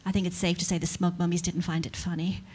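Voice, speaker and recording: A woman's voice: lowish voice, flat delivery, fast talker, a little mellow, slightly rough. A woman performing a stand-up comedy set, sardonic and mock-outraged, building into rants.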